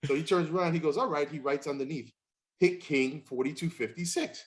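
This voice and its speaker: A man in his fifties, a podcast host, telling stories in casual chat and acting out the voices of people he quotes. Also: fairly quick. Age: 50s. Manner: animated, acts out quoted voices with big pitch jumps.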